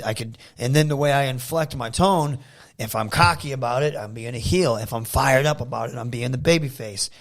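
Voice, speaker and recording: A man from Michigan, a wrestler guest telling animated stories in a casual interview, often slipping into loud impressions. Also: medium pitch. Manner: animated storyteller who slips into loud impressions.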